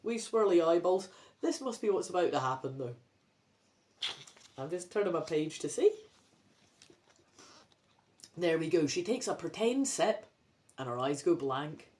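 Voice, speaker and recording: A woman's voice: fairly low pitch, lively intonation, a little slow, long pauses, a little mellow, slight background noise. A woman with a Scottish accent reading a children's adventure book aloud, rambling and chatty with sweary asides. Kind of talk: casual read-aloud with asides.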